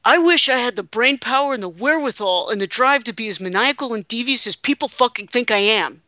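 A woman's voice: fairly high pitch, expressive, fairly quick, pushed and bright, no echo. A woman doing a blunt, swearing wrestling boss. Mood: exasperated. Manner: swearing, exasperated ranting. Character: gruff male wrestling executive, defensive and blunt.

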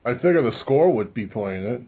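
A man's voice: mid-range voice, animated, fairly quick, breathy edge. A man co-hosting a casual chat show, putting in dry, wry remarks. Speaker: podcast co-host. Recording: tinny phone-like line.

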